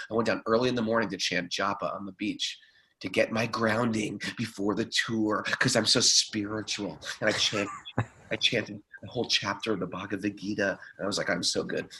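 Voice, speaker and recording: A man co-hosting a podcast, telling a story in a lively, casual way and acting out the quotes. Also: fairly low pitch, gravelly, rough recording. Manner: animated storyteller, acts out quotes. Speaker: podcast co-host.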